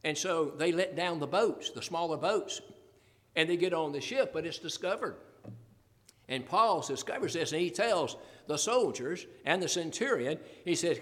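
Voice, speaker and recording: A man delivering a sermon in a high voice, pressing his listeners with repeated rhetorical questions and the odd chuckle. His voice rings out with a long reverb, as in a large hall. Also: expressive, moderate pace. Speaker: preacher.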